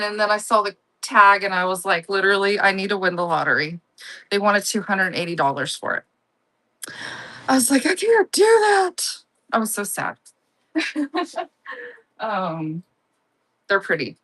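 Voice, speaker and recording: A woman's voice: mid-range voice, sharp tone. A woman hosting a live online auction, chatting and gushing over her items as she rambles between sales. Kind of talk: casual live-selling chat.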